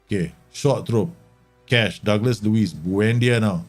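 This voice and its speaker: A man's voice: fairly low pitch, takes it slowly, darkish tone, soft background music. A man streaming a football management game, talking through the match and exclaiming and grumbling at his team. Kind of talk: live gameplay commentary.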